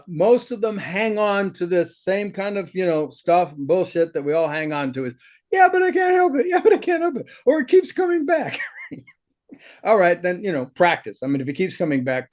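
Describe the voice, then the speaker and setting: A man talks through an idea with blunt, animated energy. His voice sits a little high, and it leaps up even higher when he mimics someone. He laughs often and curses casually. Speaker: spiritual teacher. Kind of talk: conversational teaching in an interview.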